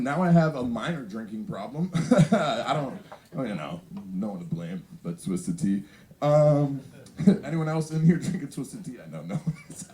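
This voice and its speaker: A man's voice: mid-range voice, darkish tone. A young man performing a stand-up comedy set, rambling loosely and laughing at his own lines in front of a live audience. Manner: loose, rambling delivery with frequent laughs and fillers.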